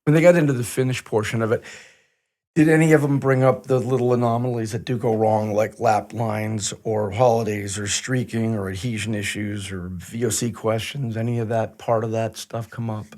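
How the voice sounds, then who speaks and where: A man's voice: fairly low pitch, steady tone, normal speed, darkish tone. A man hosting a casual podcast, talking in a chatty storytelling way and acting out quoted back-and-forth. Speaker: podcast host.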